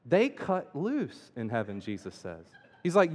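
Animated male pastor in a reverberant hall. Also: medium pitch, a little slow. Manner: animated, swinging from loud emphasis to quiet asides. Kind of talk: sermon.

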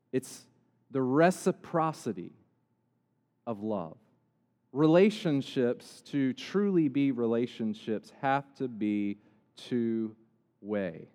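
A man preaching a sermon as pastor, conversational, with slow, emphatic pauses. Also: medium pitch, a little mellow. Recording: long hall reverb.

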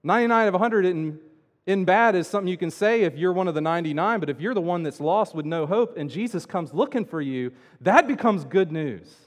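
A man preaching a sermon as pastor, swinging between loud emphatic lines and quiet asides. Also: high voice, expressive, fairly quick. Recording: long hall reverb.

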